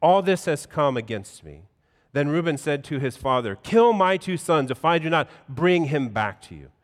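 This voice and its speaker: A pastor reading scripture aloud in a measured, solemn way, then preaching a sermon in a church. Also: male voice, fairly high pitch, very animated. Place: church sanctuary. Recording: long hall reverb.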